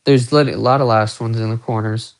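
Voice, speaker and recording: A young man chatting casually on a phone live stream, recorded close up in a small room at home, rambles on about his guitars and watches. He speaks briskly with a medium pitch, fairly even intonation, and a creaky quality.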